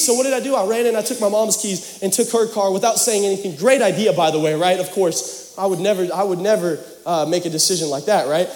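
A young man preaches with an animated, joking storytelling manner. His voice sits high for a man. Long reverb rolls through the large church hall around him. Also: brisk. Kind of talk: sermon.

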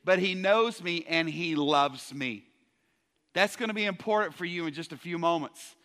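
A man preaching a sermon to a congregation, energetic and joking, often stumbling into quick restarts as he talks. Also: fairly high pitch. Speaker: pastor. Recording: long hall reverb.

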